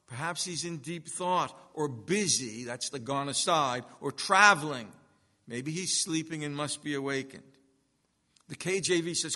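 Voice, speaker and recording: A male pastor preaching with a bright, forceful voice that sits a little high for a man. He swings from ringing emphasis to hushed, slowed phrases. The sound carries a long reverb, as in a big hall. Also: lively intonation. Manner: dramatic swings from loud to hushed. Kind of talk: sermon.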